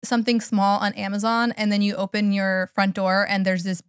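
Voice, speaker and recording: A woman's voice: medium pitch, level tone, brisk, clear, resonant tone, no echo. Reflective woman hosting a podcast, dry sound. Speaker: podcast host. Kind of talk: casual podcast chat.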